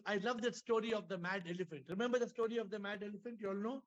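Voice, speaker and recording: A man teaches spirituality in an Indian English accent, his voice sitting high for a man. He tells stories and keeps asking his audience questions, repeating key lines. The sound is dull and lo-fi, like a video call. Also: quick pace, few pauses. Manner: storytelling, repetitive, asks the audience questions. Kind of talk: spiritual talk to an online audience.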